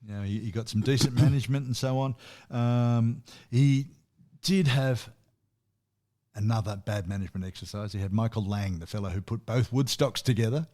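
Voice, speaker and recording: A man's voice: mid-range voice, moderate pace, mellow. Anecdotal man presenting a music segment. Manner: anecdotal, chuckles at his own stories. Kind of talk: casual radio chat.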